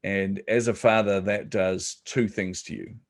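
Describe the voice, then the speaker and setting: A middle-aged man, a podcast guest telling his business story in a relaxed, joking way. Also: fairly low pitch, a little slow. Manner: relaxed, joking, many ums. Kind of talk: casual storytelling interview.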